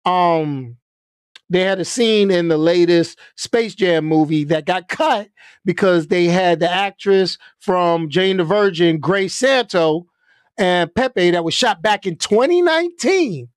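A man gives animated live-stream commentary at an unhurried, deliberate pace. He punctuates his points with repeated checks like "okay?" and "all right?". The sound is dry and close, with no room reverb. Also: high-pitched, smooth.

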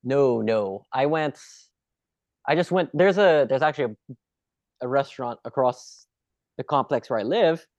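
A man's voice: mid-range voice, animated, moderate pace, pauses often, darkish tone, no echo. A man hosting a podcast in a chatty, rambling way with asides. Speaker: podcast host. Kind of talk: casual chat. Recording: dull, dry lo-fi sound.

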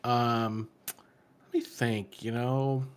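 Man, podcast co-host, wisecracking, deadpan jokes, mid pitch. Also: drawn-out words, smooth. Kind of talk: casual chat.

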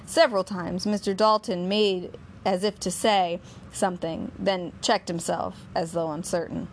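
A woman narrating a novel in steady, measured storytelling. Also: on the low side, slight background noise.

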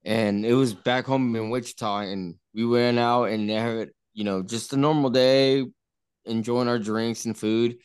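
At a party in an indoor room, a man tells a long, rambling story, repeating himself and acting out what others said. His mid-range voice is clear and resonant with a darkish tone, fairly even intonation, and a slightly slow pace.

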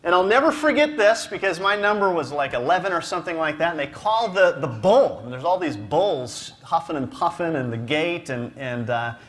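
A man's voice: on the high side, expressive, brisk, few pauses, a bit bright. A man speaking to a ministry gathering, telling a humorous story with a self-deprecating manner, laughing often and restarting his sentences.

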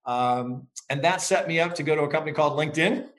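Middle-aged guy on an interview, thoughtful and measured, telling his story. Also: on the high side, fairly bright tone. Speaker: interview guest, author. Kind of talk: interview conversation.

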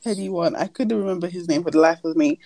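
A woman's voice: fairly low pitch, quick pace, creaky, mellow, dry recording. A young woman co-hosting a podcast, chatting casually and laughing easily. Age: young adult. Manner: laid-back, laughing, chatty. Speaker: podcast co-host. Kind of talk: casual chat.

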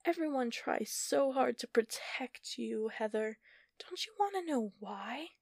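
A woman's voice: a little high, lively intonation, a little slow, creaky, no echo, pitched above the performer's own voice, heavily acted. A woman narrator voicing a scornful, mocking sorceress with a dry, taunting delivery.

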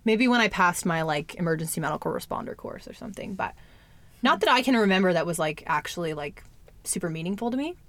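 A woman's voice: fairly low pitch, lively intonation, fast, a bit bright, no room sound. A young adult woman talking candidly in a casual chat, lots of "like" and the odd swear word. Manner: candid, chatty, fillers and swearing.

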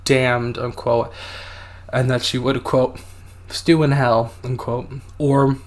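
A man's voice: medium pitch, little pitch movement, slow pace. A man co-hosting a casual podcast, telling a story in a hesitant way, reading out quoted passages and using many fillers.

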